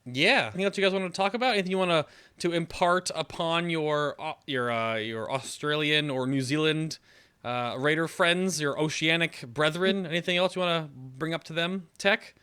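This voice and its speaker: A male podcast host with a bright, forward tone asks rambling, chatty questions, hedging with fillers as he goes. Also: a little high, moderate pace, clean tone. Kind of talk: casual interview hosting.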